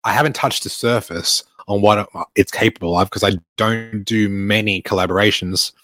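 A man's voice: on the low side, normal speed, a bit bright, no echo. A young man hosting his own podcast, rambling and swearing with lots of filler words while recording at an airport. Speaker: podcast host and online fitness coach. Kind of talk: casual solo podcast monologue.

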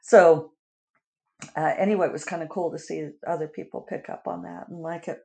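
A woman's voice: fairly low pitch, steady tone, moderate pace, gravelly, a little mellow. A woman writer chatting casually through her weekly video update, rambling with lots of fillers and little laughs. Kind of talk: casual chat.

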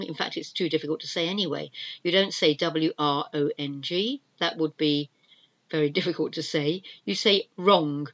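A woman's voice: sits low, fairly bright tone, highs cut off. A woman hosting a language-learning podcast, pronouncing words carefully and spelling them out letter by letter. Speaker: podcast host, English teacher.

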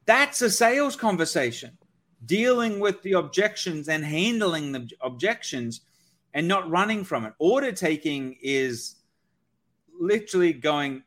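Brief: a lively man with a slightly high voice explaining sales tactics in a podcast chat. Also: moderate pace. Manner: energetic, acts out sales-call dialogue. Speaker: sales expert guest. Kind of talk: conversational podcast talk.

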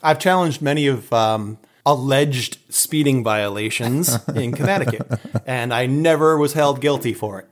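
A man chatting casually and telling a story in an animated, loud, excitable way. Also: mid-range voice, measured pace.

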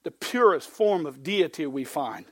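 A male pastor with a high-pitched voice preaches verse by verse. He reads scripture with swelling emphasis, then slips into plainspoken, folksy asides. The sound is dry and close. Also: animated, unhurried, dry recording. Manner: emphatic, reads scripture aloud with rising force. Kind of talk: expository sermon.

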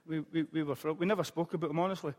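A man's voice: on the high side, fairly even intonation, rapid-fire, a little mellow. A man, preaching a sermon as a pastor and telling a story with humorous asides. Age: late 40s. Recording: long hall reverb.

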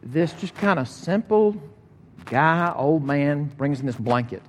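Middle-aged pastor preaching in a reverberant hall. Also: male voice, fairly high pitch, a little slow, a little hiss or hum. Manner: conversational, animated when retelling a story. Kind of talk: sermon with storytelling. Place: church sanctuary. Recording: long reverb of a large hall.

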